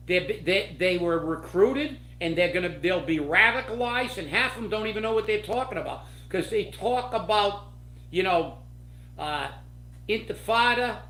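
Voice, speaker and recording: A man delivers political commentary in a slow, deliberate rant full of indignation. His voice echoes around a roomy space. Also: sits high, pushed and bright. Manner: angry, indignant ranting.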